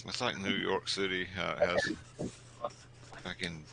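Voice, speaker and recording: A man's voice: low voice, flat delivery, unhurried, gravelly, background noise. A man chatting casually in an online voice chat, joking and laughing often.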